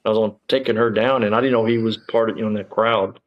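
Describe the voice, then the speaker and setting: A man's voice: lowish voice, steady tone, fast, muffled recording. A man, a former police officer telling his story in a casual interview, rambling with lots of fillers and frank swearing.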